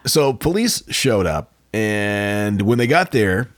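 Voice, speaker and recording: A man's voice: on the low side, animated, takes it slowly, no echo, studio quality. A man co-hosting a podcast, casually telling a true-crime story with jokey asides. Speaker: podcast co-host.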